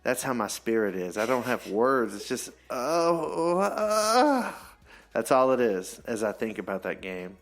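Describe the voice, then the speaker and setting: A man co-hosting a casual podcast, teasing his co-host and telling stories with animated jokes. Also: medium pitch, measured pace. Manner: joking, teasing, animated storyteller. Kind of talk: casual chat.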